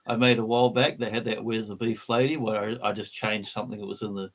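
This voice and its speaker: A man's voice: on the low side, little pitch movement, quick pace. A man co-hosting a casual livestream, talking chattily and laughing easily. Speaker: co-host.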